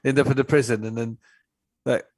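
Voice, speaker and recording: A man as a podcast guest, rambling through animated stories about old comedy films. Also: mid-range voice, fast, no echo. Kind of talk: casual chat.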